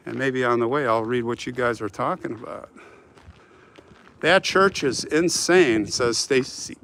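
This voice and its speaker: A man's voice: mid-range voice, fairly bright tone. A middle-aged American man hosting a live stream, chatting casually and reading viewer comments aloud while he walks. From United States. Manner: chatty, friendly, rambling, talks straight to viewers. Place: outdoors on a city street while walking. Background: faint street and traffic noise.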